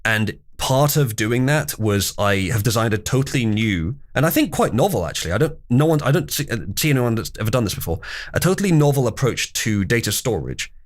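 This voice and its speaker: A man talks casually to his livestream audience, his pitch rising and falling in a lively, animated way. He rambles, restarts his sentences and throws in wry asides. His voice sits in a middle register. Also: brisk. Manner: rambling, self-correcting, wry asides to chat. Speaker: livestream host.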